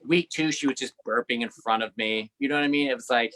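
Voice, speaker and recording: A man's voice: medium pitch, fast, fairly bright tone. A man in his late thirties doing a rambling stand-up comedy set over a video call, telling self-deprecating stories and acting out quotes. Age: 30s.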